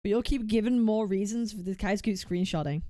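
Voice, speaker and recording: A woman's voice: medium pitch, brisk, dark tone, dry recording, studio quality. A woman streamer making a heated, argumentative case on stream, emphatic and often repeating herself. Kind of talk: heated reaction rant.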